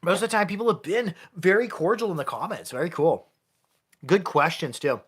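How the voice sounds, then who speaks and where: A man's voice: high-pitched, brisk, breathy edge. A man, a jaw harp player and maker, giving a casual live-streamed lesson and often restarting his sentences. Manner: casual, chatty, with frequent restarts.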